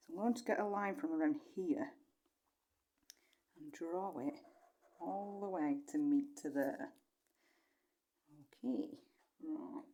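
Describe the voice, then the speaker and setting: Low-voiced woman teaching a draw-along. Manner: chatty, rambling, gently encouraging. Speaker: drawing tutor. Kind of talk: casual draw-along instruction.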